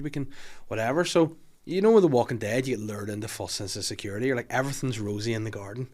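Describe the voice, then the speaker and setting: A man, hosting a casual podcast chat and retelling scenes with lively acted-out voices. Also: mid-range voice, quick pace. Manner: animated storyteller acting out scenes. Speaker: podcast host.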